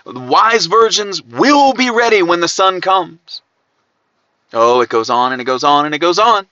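A man with an Ohio accent preaching a podcast sermon, swinging from loud emphatic peaks to quiet asides. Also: sits high, sing-song, measured pace, no room sound, muffled recording.

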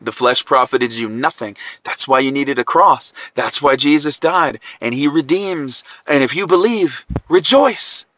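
A man with an Ohio accent preaching a podcast sermon, swinging from loud emphatic peaks to quiet asides. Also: mid-range voice, lively intonation, unhurried, few pauses, highs cut off.

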